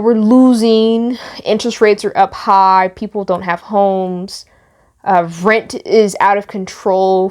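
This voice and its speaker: A woman's voice: medium pitch, darkish tone, clean tone. Emotional young woman vlogger. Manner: emotional, rambling with restarts. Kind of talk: casual commentary.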